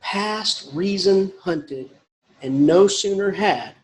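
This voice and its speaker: A man's voice: sits high, slow pace. A man giving a casual, rambling literature lecture with emphatic asides.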